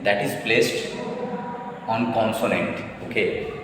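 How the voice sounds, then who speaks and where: A man teaching a language lesson slowly, repeating each word and checking in with "okay?" after each point. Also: fairly low pitch, crowd noise. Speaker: French teacher. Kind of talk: slow, repetitive language lesson. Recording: echoey room with long reverb.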